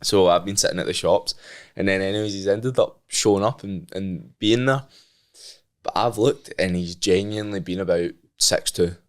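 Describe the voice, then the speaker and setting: A man's voice: sits low, normal speed. A young Scottish man, a podcast guest, telling a story in casual chat, swearing and acting out the dialogue. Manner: swearing, laughing storyteller who acts out the dialogue.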